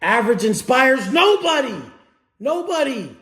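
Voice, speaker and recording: A man's voice: very high-pitched, big pitch swings, measured pace, a bit bright, echoey room. A man giving a blunt, profane motivational talk as a coach, preaching to his audience.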